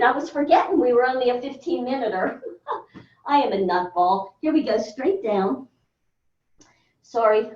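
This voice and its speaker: In an echoey carpeted room, a female instructor guides a floor workout with counts and cheerful encouragement, recorded on a distant, dull mic. Her darkish, somewhat high voice moves a little slowly and pauses often.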